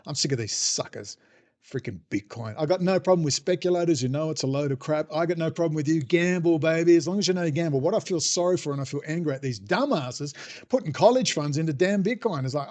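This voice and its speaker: A man's voice: on the high side, fast, a little mellow. A man ranting sarcastically in a monologue as podcast host. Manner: irreverent, sarcastic, mocking voices.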